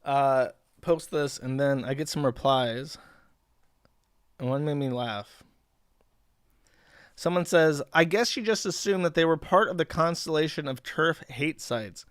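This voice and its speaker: A man's voice: on the high side, measured pace, pauses often, smooth, no echo, studio quality. Sarcastic, profane male livestream host. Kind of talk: casual commentary reading posts aloud.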